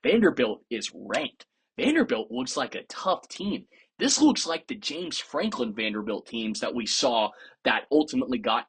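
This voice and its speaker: A man's voice: medium pitch, breathy edge. A man hosting a podcast, giving casual, opinionated sports commentary with a playfully sarcastic edge. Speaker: podcast host.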